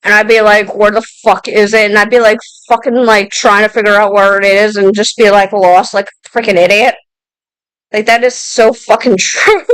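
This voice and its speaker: A young woman streaming a story game, reading it aloud and rambling about it in a profane, excitable way. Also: mid-range voice, moderate pace, smooth, poor audio. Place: indoor room with a fan running. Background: loud music.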